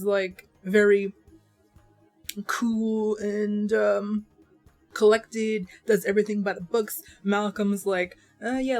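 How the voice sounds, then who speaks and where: A young woman giving a casual, animated book review to camera, ranting with many "like" fillers. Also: mid-range voice.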